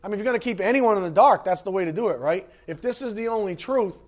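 A man preaching a sermon, dramatic, swinging from loud emphasis to hushed asides. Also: sits high, fast talker. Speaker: pastor.

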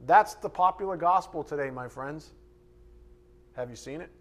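Man preaching a sermon, kinda high voice, blunt and sarcastic, talks like he's chatting. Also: normal speed. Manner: blunt, conversational, sarcastic asides. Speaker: pastor.

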